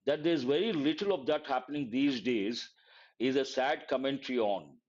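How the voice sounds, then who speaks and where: A man's voice: mid-range voice, a little mellow, highs cut off. Indian English man explaining vocabulary. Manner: reads a passage, then explains words slowly. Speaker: teacher. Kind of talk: live editorial analysis lesson.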